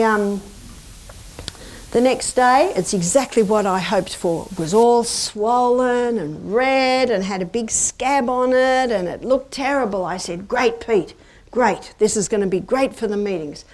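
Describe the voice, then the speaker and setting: A middle-aged woman health presenter gives a chatty, anecdotal lecture to a live audience and asks them questions. Her voice is on the high side and a little mellow.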